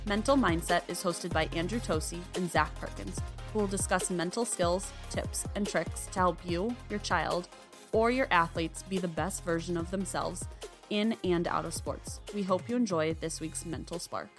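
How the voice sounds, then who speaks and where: A woman announcer gives a scripted show intro in a smooth, even read. Her voice sits a little low. A clear music bed plays beneath her. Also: normal speed. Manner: polished, even delivery.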